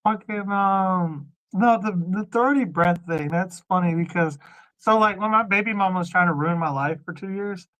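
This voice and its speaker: A man's voice: high-pitched, moderate pace, pushed and bright, rough recording. A man with a Southern twang, hosting a casual podcast chat, laughing often and joking loosely. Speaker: podcast host.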